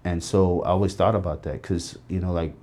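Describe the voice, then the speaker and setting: A man's voice: sits low, steady tone, a little fast, mellow. A middle-aged man speaking as an interview guest, telling his life story in an earnest, reflective way. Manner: earnest, reflective, tells stories with quoted voices.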